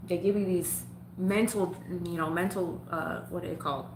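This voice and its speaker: A woman's voice: on the low side, a little slow, background noise. Frank, laughing woman vlogger, echoey room. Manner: frank, profane, laughs often, addresses viewers directly. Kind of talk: candid personal storytelling to viewers.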